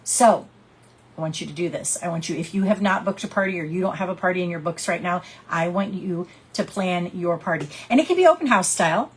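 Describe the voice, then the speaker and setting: A woman's voice: fairly low pitch, a little fast, slight background noise, rough recording. A woman coaching her sales team in a casual, chatty talk, encouraging them and acting out little scenes. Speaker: direct sales team leader.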